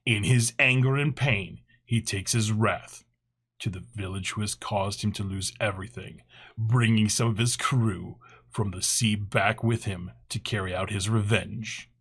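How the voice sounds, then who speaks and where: A man hosting a podcast in a casual chat, joking and upbeat with quick patter. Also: on the low side, a bit bright, breathy edge. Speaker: podcast host.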